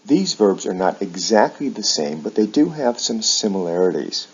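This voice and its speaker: Deep-voiced male teacher, slow careful diction, husky, muffled lo-fi recording. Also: sing-song. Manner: slow, careful enunciation of example words. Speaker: English teacher. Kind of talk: slow explanatory pronunciation lesson. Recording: dull lo-fi sound.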